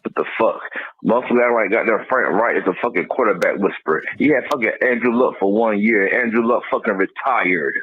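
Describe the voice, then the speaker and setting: A man's voice: on the low side, brisk, husky, no echo. A man calling into a podcast, ranting heatedly and swearing constantly. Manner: profane heated rant. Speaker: caller. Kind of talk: call-in rant. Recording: tinny phone line.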